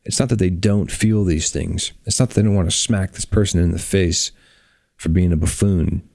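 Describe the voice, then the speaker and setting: A man hosting a reflective podcast, talking bluntly and earnestly with drawn-out pauses, on a close microphone. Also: sits low, fairly even intonation, creaky, dark tone, dry recording. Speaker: podcast host.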